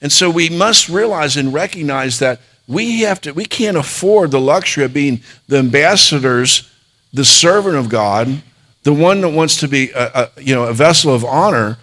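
A man's voice: fairly high pitch, expressive, normal speed, pushed and bright. A middle-aged man, a pastor, preaching a sermon and telling a personal story in an earnest voice, with frequent restarts.

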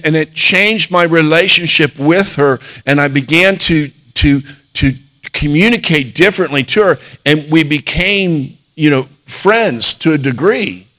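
A man's voice: a little high, bright, forceful tone. A middle-aged man, a pastor, preaching a sermon and telling a personal story in an earnest voice, with frequent restarts.

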